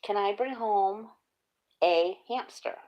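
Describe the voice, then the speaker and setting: A woman doing a high, pleading little boy. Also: slow pace, a little mellow, highs cut off, natural voice. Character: young boy pleading with his mom.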